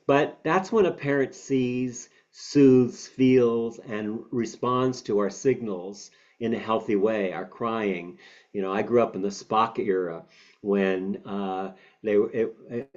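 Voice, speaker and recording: A fairly low-voiced man gives a reflective teaching talk, pausing often on fillers and starting over. His tongue is bitten, so a few words sound a little off. The recording is slightly dull and lo-fi. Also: darkish tone. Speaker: meditation teacher.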